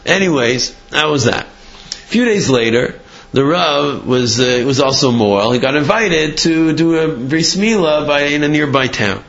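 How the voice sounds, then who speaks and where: A man tells a story with a lively, swooping delivery, his voice sitting a bit high for a man. He restarts often and acts out the quotes. The recording is muffled and lo-fi. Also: a little slow, gravelly. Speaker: storyteller teaching a class. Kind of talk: animated storytelling.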